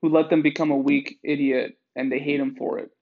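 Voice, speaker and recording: A man hosting a podcast in a rambling monologue, swearing often and digressing in an animated way. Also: a little high, fairly quick, phone-quality sound. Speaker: podcast host.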